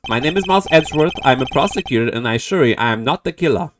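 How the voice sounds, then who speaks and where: A man voicing a composed, proud male prosecutor who speaks in a measured, formal way. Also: medium pitch, animated, background noise, close to an everyday voice.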